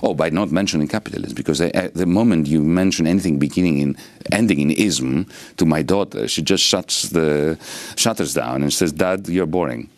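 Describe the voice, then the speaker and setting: This economist and politician from Greece, a middle-aged man with a Greek accent, responds to interview questions in a very low voice, explaining things with broad, professorial rhetoric. He speaks a little fast, and the close, dry recording carries no room sound.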